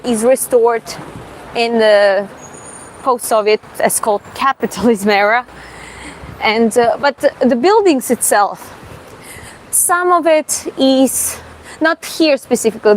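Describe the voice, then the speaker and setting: A young woman from Georgia, with a Georgian accent and a slightly high voice, narrates a live-streamed walk through her city's streets. She talks haltingly, with fillers and restarts. She is recorded outdoors on a handheld phone, with faint traffic behind her. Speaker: vlogger giving a city walking tour. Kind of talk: casual live-stream walking tour.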